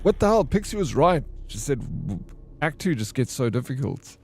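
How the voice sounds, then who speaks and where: A man's voice: medium pitch, big pitch swings, moderate pace, darkish tone. A man from South Africa with a South African accent, chatting casually on a live game stream, joking and teasing viewers. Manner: joking, teasing banter, greets and thanks viewers. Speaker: variety streamer. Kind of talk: casual live-stream chat while gaming.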